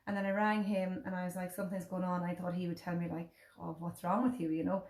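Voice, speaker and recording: A woman's voice: lowish voice, flat delivery, quick pace, darkish tone, reverberant. A woman in her thirties with an Irish accent, chatting casually and telling a personal story, acting out what others said. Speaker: host. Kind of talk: casual chat.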